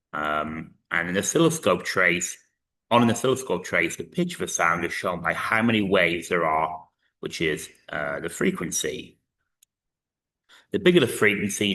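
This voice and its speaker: A man's voice: deep voice, very animated, normal speed, bright, forceful tone. A man in his thirties teaching a recorded physics lesson, explaining step by step with frequent fillers. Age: 30s.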